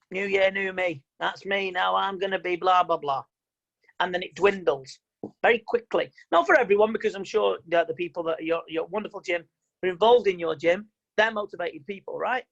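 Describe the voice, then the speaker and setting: A man giving an online mind-coaching talk, chatty and animated, acting out what people say. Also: sits high, muffled recording. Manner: animated, chatty, quotes people in mock voices. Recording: video call audio.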